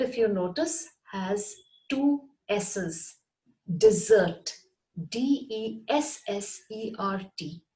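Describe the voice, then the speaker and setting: A woman's voice: medium pitch, darkish tone, poor audio. A woman teaching a lesson, speaking carefully and spelling words out letter by letter. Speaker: English teacher. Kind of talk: scripted English lesson.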